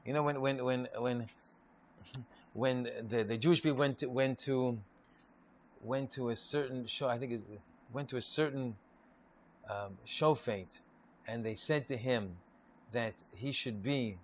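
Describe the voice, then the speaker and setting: A man's voice: medium pitch, measured pace, long pauses, slight background noise. A man, a rabbi, giving an informal Torah class, telling stories and repeating and restarting his phrases. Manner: repetitive, restarts often, lively storytelling.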